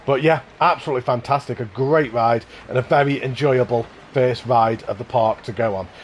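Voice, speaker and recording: A man's voice: mid-range voice, fairly quick, a little hiss or hum. Enthusiastic man hosting a live park tour. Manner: enthusiastic, effusive praise. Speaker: livestream host touring contest parks. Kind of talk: casual live commentary.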